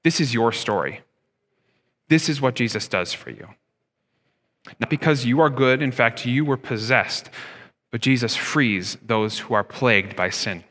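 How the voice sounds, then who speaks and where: A man's voice: mid-range voice, animated, unhurried, pauses often, a bit bright. A man in his thirties preaching a sermon as pastor, talking conversationally and asking his listeners rhetorical questions. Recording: long hall reverb.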